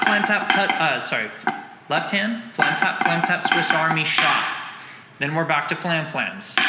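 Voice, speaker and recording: A man's voice: fairly high pitch, heavy background noise. A man teaching drum rhythms, counting and singing the beats aloud, and often correcting himself. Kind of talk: instructional breakdown. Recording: echoey room with loud drumming. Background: drumming.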